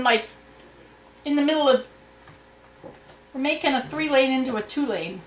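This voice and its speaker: A woman's voice: sits high, animated, normal speed, pauses often, fairly bright tone. A mother chatting casually with her family while she bakes at home and explains each step. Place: home kitchen. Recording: echoey room, voice from a distance, faint background hum.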